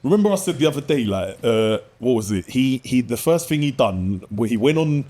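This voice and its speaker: A man's voice: mid-range voice, sing-song, fairly quick, warm tone. A man hosting a casual political podcast, blunt and emphatic with heavy swearing. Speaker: podcast host.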